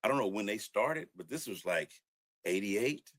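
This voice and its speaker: An older man, a record producer, telling stories from his early studio days in a relaxed interview, laughing and acting out what people said. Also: fairly low pitch, moderate pace. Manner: laid-back storyteller who laughs and acts out quotes. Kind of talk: storytelling interview.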